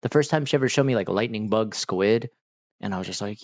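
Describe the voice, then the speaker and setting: A livestream host with a lowish, slightly mellow voice talks briskly to his viewers. His chat replies are laid-back and slangy with plenty of fillers. The recording sounds dull and lo-fi.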